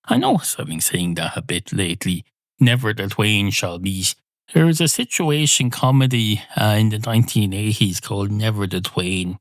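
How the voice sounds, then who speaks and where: A man with an Irish accent hosting a comedy podcast, rambling through a deadpan, digressive monologue into a close mic with casual swearing. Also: on the low side, moderate pace, hardly any pauses, no echo. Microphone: close studio mic.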